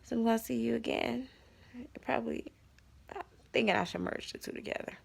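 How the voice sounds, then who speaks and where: A woman's voice: fairly high pitch, fairly quick, gravelly, breathy edge. A pregnant woman vlogging casually and encouraging viewers in a preacherly way about faith.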